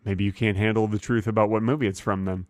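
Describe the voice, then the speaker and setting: A middle-aged man co-hosting a comedy podcast, making absurd claims with a deadpan, insistent delivery in improvised banter. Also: lowish voice, quick pace, dry recording. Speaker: podcast co-host.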